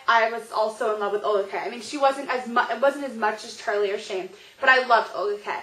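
A young woman vlogger excitedly telling a personal story in casual chat, full of "like" and gushing asides. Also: fairly high pitch, fairly quick. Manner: gushing, excitable, heavy use of "like". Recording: roomy echo.

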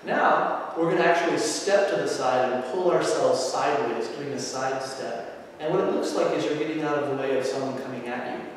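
Picture a man leading an aikido class who talks in a calm, methodical way and chants a short phrase with each step. His voice sits at an ordinary middle pitch. It rings through a big echoey hall, picked up from well away from the mic. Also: normal speed, hardly any pauses, distant mic, slight background noise. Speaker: aikido instructor. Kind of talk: demonstrating and explaining movements.

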